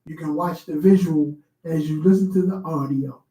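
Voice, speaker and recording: Animated woman co-host in an echoey room. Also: sits low, moderate pace. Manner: animated, laughing storyteller. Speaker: talk show co-host. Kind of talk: casual radio talk.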